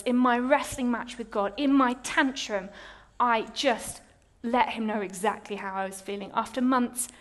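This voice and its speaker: A young adult woman with a high-sitting voice shares her personal testimony during a sermon, telling her story animatedly and poking fun at herself.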